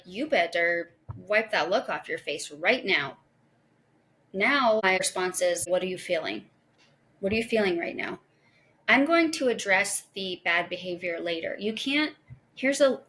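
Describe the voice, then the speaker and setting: Earnest woman podcast host giving gentle advice. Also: medium pitch. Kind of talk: casual podcast monologue.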